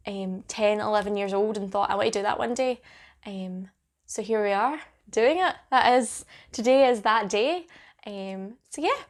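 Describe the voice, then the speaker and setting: A young adult woman with a Scottish accent, chatting casually to camera as a beauty vlogger, with plenty of ums. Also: medium pitch.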